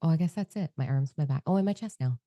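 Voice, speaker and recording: Woman co-host, unusually low and dark voice, open and expressive storyteller, casual heart-to-heart podcast talk. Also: fast talker, no room sound. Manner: candid, free-flowing, expressive storyteller.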